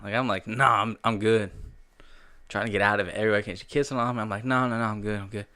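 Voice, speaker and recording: A man's voice: lowish voice, fairly even intonation, quick pace, bright, forceful tone, dry recording. A man in his thirties, a podcast co-host telling a crude story in a brash, profane way. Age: 30s. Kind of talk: casual chat, crude storytelling.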